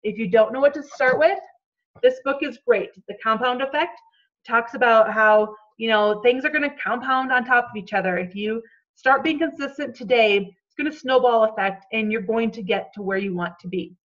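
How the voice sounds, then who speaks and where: A woman's voice: a little high, normal speed. Chatty woman coach with a dull recording. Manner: chatty, encouraging, frequent "okay?" check-ins. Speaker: team coach. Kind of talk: team call coaching talk.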